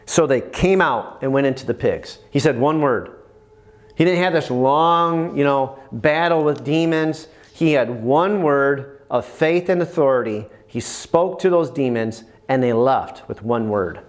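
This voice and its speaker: A man preaching a sermon, emphatic and animated, with bursts of praise. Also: mid-range voice, measured pace.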